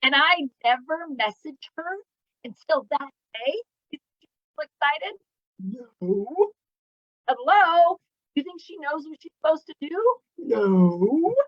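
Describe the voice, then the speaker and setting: A high-voiced woman runs a live training for her jewelry sales team. She talks in an upbeat, chatty way and keeps asking rhetorical questions. The sound is dull and dry, like a close live-stream mic. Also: dry recording. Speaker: jewelry business team leader.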